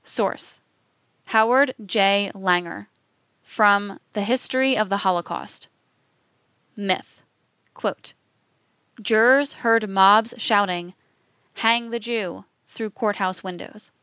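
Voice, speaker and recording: Female reader for a scripted read: slow, deliberate, even, crisp tone, dry close recording. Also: mid-range voice, no echo. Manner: measured, even, deliberate delivery. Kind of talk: scripted reading of quotations.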